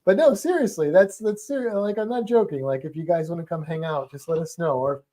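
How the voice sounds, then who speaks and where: A man's voice: a little high, brisk, dark tone. A man co-hosting a livestream in casual chat, rambling with lots of "like" and restarts. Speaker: livestream co-host.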